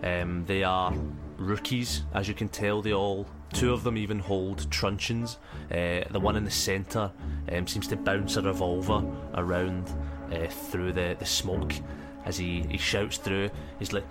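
A man's voice: low-pitched, steady tone, normal speed. A man narrating as game master, rambling with many ums. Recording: music under the talk.

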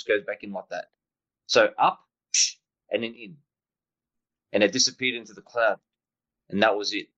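A man tells his story in a casual, excitable rush, stumbling over restarts and throwing in little sound effects as he goes. His voice sits at an ordinary middle pitch. The recording sounds dull and lo-fi. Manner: animated, rambling, with sound effects. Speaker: guest pilot recounting a sighting.

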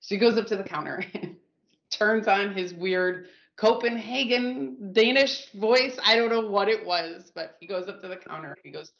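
Woman, mid-pitched, chatty guest telling stories with laughs. Roomy, dull remote-call audio. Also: normal speed, creaky. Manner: lively, laughing storyteller who acts out quotes. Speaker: communications consultant guest. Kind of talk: casual storytelling.

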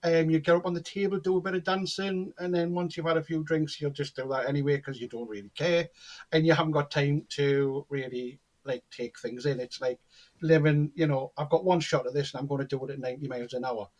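A man's voice: fairly high pitch, a little fast. Chatty man telling stories. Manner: animated storyteller, acts out quoted dialogue. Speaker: guest, cold reader. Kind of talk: casual storytelling chat.

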